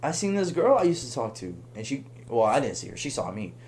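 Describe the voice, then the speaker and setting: Animated young man telling a story. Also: medium pitch, brisk. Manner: animated, laughing, acts out voices in his story. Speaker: podcast guest. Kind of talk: casual storytelling.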